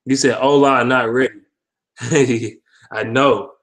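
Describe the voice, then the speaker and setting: Speaking slowly in a mid-range voice, a man runs a football predictions vlog where he reads out comments and trash-talks. As a sports vlogger, his casual commentary is animated and laughing, packed with swearing.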